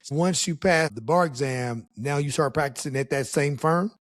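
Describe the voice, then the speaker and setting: A man's voice: on the high side, moderate pace, dry recording, clean studio sound. A male podcast host asking short questions and giving brief affirmations to his guest. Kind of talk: interview questions.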